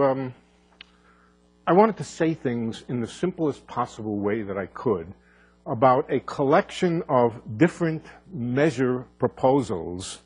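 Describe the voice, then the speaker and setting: A man's voice: medium pitch, darkish tone, slightly rough. A man giving an unscripted conference talk on physics, thinking aloud with fillers and restarts and dropping dry asides. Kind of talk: live conference lecture, unscripted.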